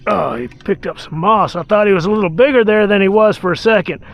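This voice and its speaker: A man calmly talking through his fishing from a boat on a lake, often sighing. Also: high-pitched, a little fast, creaky, dull audio. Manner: relaxed, talks to the fish, frequent sighs. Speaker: fishing vlogger. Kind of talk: casual on-the-water commentary.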